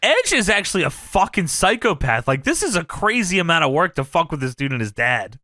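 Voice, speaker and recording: A man co-hosting a podcast, recapping a show in animated, profane storytelling. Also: a little high, brisk, dry recording, clean studio sound. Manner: animated storytelling, lots of swearing and laughing. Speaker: podcast co-host. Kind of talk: casual chat, recapping a show.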